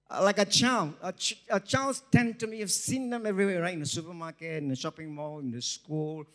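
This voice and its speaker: A middle-aged man, preaching a sermon in an emphatic way, repeating phrases and swinging between loud and soft. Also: high voice. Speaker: pastor.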